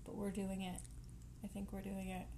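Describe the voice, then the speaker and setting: Chatty woman co-host, mid-pitched, casual home podcast, laughs often, light background hiss. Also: completely flat delivery, moderate pace. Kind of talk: casual chat.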